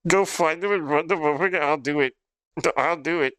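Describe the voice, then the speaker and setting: A man's voice: fairly high pitch, a little fast, fairly bright tone, clear, resonant tone, no room sound. A young man livestreaming in casual chat, rambling and swearing with frequent laughs. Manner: rambling, profane, laughs often.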